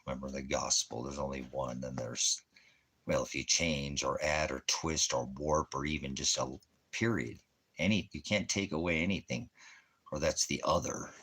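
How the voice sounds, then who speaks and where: A man with an extremely low, rumbling voice rants in a sarcastic, mocking tone. He delivers religious commentary as a ministry host and chuckles scornfully between his jabs. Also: steady tone, normal speed, a bit bright, slightly rough.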